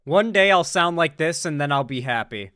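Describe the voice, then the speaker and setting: A woman's voice: low-pitched, animated, normal speed, a bit bright, no echo, clean studio sound. A woman hosting a casual livestream, joking, rambling and swearing freely as she talks to her chat. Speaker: streamer host.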